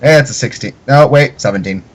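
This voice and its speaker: Brief: man, mid-pitched voice, tabletop player, dry and wry. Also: fairly quick, rough recording. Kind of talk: casual tabletop game chat.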